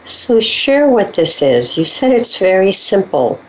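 A woman's voice: medium pitch, sing-song, a little slow, a little hiss or hum. A woman hosting a radio interview, putting short prompts and probing questions to her guest. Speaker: radio host. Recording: dull lo-fi radio sound.

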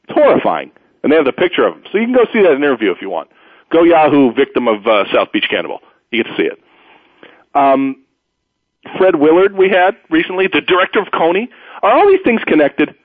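A man hosts a talk radio show, rambling from story to story with blunt, opinionated asides. His voice sits fairly high and swoops around with lively pitch. The sound is thin and phone-like, dry with no room at all. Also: a little fast, dry recording. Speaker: radio host. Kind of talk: sports talk radio monologue.

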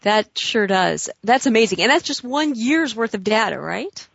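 A woman's voice: a little high, lively intonation, normal speed, gravelly, breathy edge, dry recording, dull audio. Upbeat woman hosting a talk radio show. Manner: chatty, upbeat, enthusiastic.

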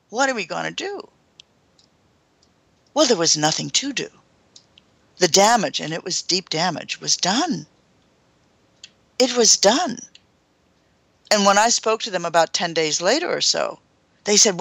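A woman's voice: mid-range voice, sing-song, takes it slowly, creaky, pauses often, a bit bright, dry recording. A woman hosting a talk show, telling a first-hand story in a dramatic way with gasps. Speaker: host.

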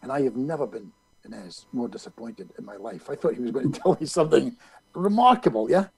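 A gravelly, somewhat husky man tells a story as an interview guest. His pitch swings widely as he acts out the other people in it. The sound is close and dry. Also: lively intonation, a little fast, rough recording. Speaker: hypnotist guest. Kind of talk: telling a story in a conversational interview.

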